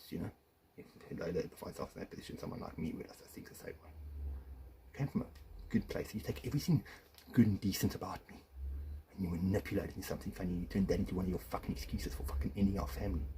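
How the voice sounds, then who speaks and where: A man's voice: deep voice, mellow, a little hiss or hum. Profane man ranting. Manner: accusatory and profane, swinging between muttered asides and raised confrontation. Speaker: estranged father. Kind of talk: angry personal video rant.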